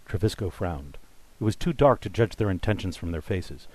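A man reading a story aloud in steady, measured scripted narration. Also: sits low. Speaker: audiobook narrator.

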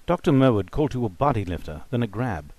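A man voicing a suspicious, educated gentleman who speaks formally and precisely. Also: medium pitch, very animated, quick pace, no room sound. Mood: puzzled. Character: educated, sharp-witted gentleman, male, suspicious.

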